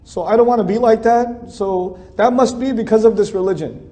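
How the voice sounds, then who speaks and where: A man's voice: high voice, moderate pace, warm tone. A middle-aged man giving a religious lecture in a conversational, emphatic way, repeating phrases for stress. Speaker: Islamic speaker.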